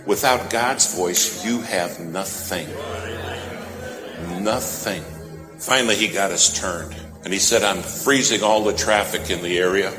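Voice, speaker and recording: A man's voice: low voice, measured pace. A man preaching a sermon, telling a story with dramatic, swelling emphasis. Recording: echoey hall with music behind.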